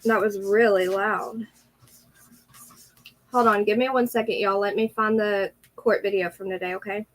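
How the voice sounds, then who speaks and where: A woman's voice: mid-range voice, steady tone, normal speed, pauses often, rough recording. A woman hosting a casual livestream, teary with a runny nose, greeting her viewers one by one. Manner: greets viewers by name, chatty. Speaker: livestream host.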